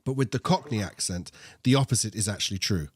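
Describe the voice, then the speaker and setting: This co-host is a young man whose husky, fairly low voice carries a posh British accent, and he talks fast. Joking and wandering from topic to topic in a casual esports chat, he's recorded dry at studio quality.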